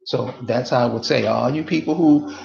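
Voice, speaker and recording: A man's voice: medium pitch, moderate pace, gravelly, a little mellow, reverberant, muffled recording. A man delivering a casual, emphatic monologue to his viewers, repeating rhetorical questions over and over. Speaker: online commentator.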